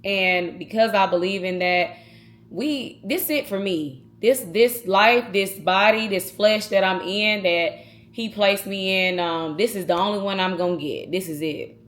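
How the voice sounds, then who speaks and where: A woman's voice: mid-range voice, measured pace. A woman talking casually and earnestly to her viewers in a vlog, speaking straight to them. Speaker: vlogger.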